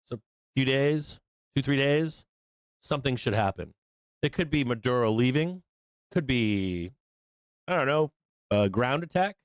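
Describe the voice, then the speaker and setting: A man's voice: mid-range voice, expressive, a little slow, long pauses, clean tone, no room sound. A man hosting a live stock market show, talking in a blunt, profane, rambling way. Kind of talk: casual market commentary.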